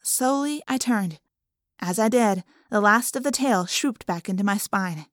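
A woman's voice: mid-range voice, lively intonation, measured pace, no echo, studio quality. A woman narrating an audiobook in a plain, conversational first-person storytelling way.

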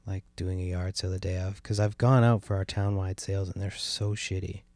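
A man's voice: deep voice, steady tone, fairly quick, a little mellow, no room sound. A young adult man hosting a casual solo podcast, rambling and complaining with lots of swearing and a sardonic edge. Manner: profane, rambling, meandering. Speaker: podcast host. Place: sitting at home by a window.

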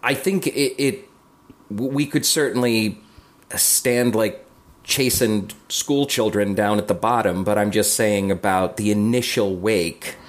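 A man's voice: fairly low pitch, unhurried. A man playing a tabletop role-playing game, talking through tactics hesitantly and restarting his sentences. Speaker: player.

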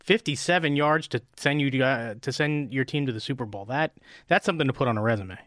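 Man tossing in quick asides. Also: medium pitch, a bit bright, no echo, clean studio sound. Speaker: podcast co-host. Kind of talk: casual chat.

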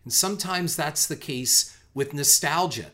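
A man's voice: on the high side, measured pace, sharp tone. A middle-aged man giving a reflective, conversational film commentary, earnest in tone, who often restarts on repeated words and swears casually.

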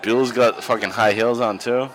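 A man's voice: mid-range voice, steady tone, moderate pace, fairly bright tone, slight background noise. A man co-hosting a podcast, chatting casually and crudely with lots of swearing while watching wrestling. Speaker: podcast co-host. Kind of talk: casual watch-along chat. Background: wrestling broadcast playing.

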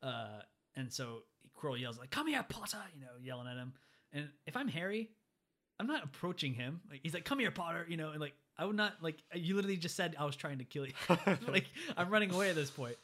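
A man chatting casually about a film, animated and quick to act out lines in passing. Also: on the high side.

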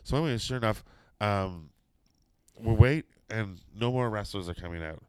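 Brief: middle-aged man, low smooth voice, dry close sound, swears freely while spinning a story. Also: moderate pace, no echo. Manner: profane, animated storytelling with quoted voices. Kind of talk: casual anecdote telling.

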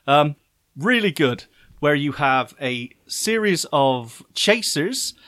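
A man's voice: a little high, expressive, fairly bright tone, dry recording. A British man co-hosting a podcast in a chatty, joking way. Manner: chatty, jokey, quick to laugh. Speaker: podcast co-host. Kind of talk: casual chat.

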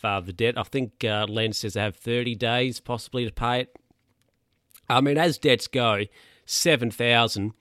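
A man's voice: medium pitch, fairly bright tone, dry recording, studio quality. A man casually recapping a story, rambling with lots of fillers and restarts. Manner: rambling, hesitant with many fillers. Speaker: podcast recapper. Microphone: handheld or desk mic, bumped by hand.

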